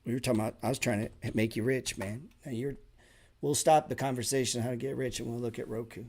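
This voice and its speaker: A man's voice: mid-range voice, fairly even intonation, quick pace, a little mellow. Blunt, profane man teaching a trading class. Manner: sarcastic asides. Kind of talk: casual live class talk.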